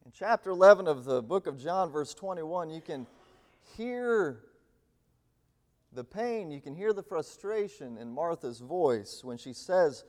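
A man giving a sermon as a guest speaker, swinging between loud pleading and hushed, near-whispered lines. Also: a little high, animated, measured pace. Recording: long hall reverb.

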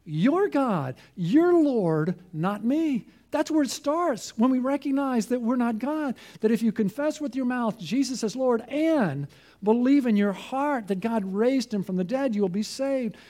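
Pastor, male, high voice with a soft mellow tone, earnest persuasive preaching. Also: normal speed. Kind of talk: sermon.

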